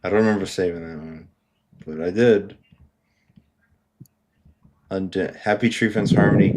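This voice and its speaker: A man's voice: deep voice, measured pace, pauses often, heavy background noise. A man co-hosting a podcast in casual chat, rambling with lots of fillers, swearing and laughing often. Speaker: podcast co-host.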